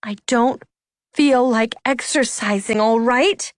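A woman's voice: a little high, takes it slowly, no echo, clean studio sound. A woman voicing a proud, stubborn teenage girl who protests in a raised, tearful way.

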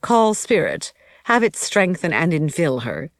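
A woman's voice: lowish voice, huge pitch swings, unhurried, dry recording, clean studio sound, heavily acted. Soothing wise immortal woman, formal and raised a little, read by a woman. Storybook. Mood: serene.

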